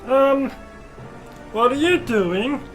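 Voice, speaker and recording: A man's voice: very high-pitched, lively intonation, drawn-out words, soft background music, pitched above the performer's own voice, heavily acted. A man voicing a timid, hesitant male sidekick who opens nearly every line with a nervous "um".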